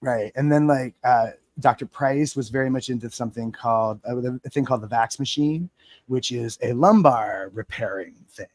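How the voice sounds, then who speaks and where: A man's voice: mid-range voice, normal speed, no room sound. Man, forties, casual live chat, swears freely, laughs a lot, dry close mic. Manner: profane, rambling, laughs often. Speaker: podcast co-host.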